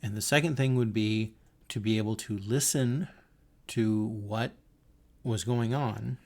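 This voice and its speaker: A man's voice: lowish voice, darkish tone. A man hosting his podcast, talking in a thoughtful, earnest way and telling stories as he reflects. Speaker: podcast host. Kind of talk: reflective casual monologue.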